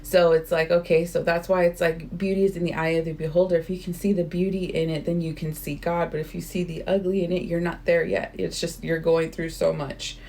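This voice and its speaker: A woman's voice: on the low side, level tone, fairly quick, hardly any pauses, a little mellow, slight background noise. A woman hosting her own channel, reading a spiritual book aloud and breaking off for earnest, informal, chatty commentary.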